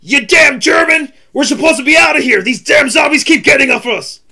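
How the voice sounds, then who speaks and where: A man doing an impression of a gruff, hot-tempered middle-aged soldier, shouting loudly. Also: extremely high pitch, a little fast, pitched above the performer's own voice, exaggerated voice. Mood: angry shouting. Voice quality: loud, barking.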